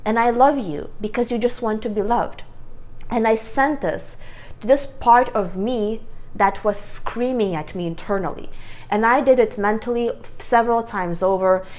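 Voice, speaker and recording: A woman with a worn, strained voice giving an earnest self-help talk to camera, stressing her points by repeating them. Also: medium pitch. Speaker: vlogger.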